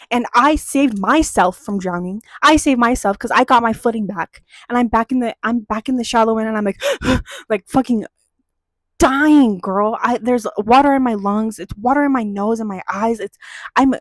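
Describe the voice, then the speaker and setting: A young woman with a slightly high voice tells a childhood story in a loose, chatty way. She swears often and gets worked up as she goes. The recording is close and dry, with no room sound. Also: normal speed, no room sound. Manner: animated, swears freely, gets heated. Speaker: podcast host telling a childhood story. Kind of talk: casual storytelling chat.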